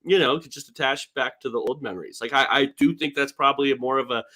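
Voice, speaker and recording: A man's voice: mid-range voice, quick pace, bright, forceful tone. A young man hosting a sports podcast, chatting in a laid-back way and trailing off into many fillers. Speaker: podcast host. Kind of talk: casual sports podcast chat.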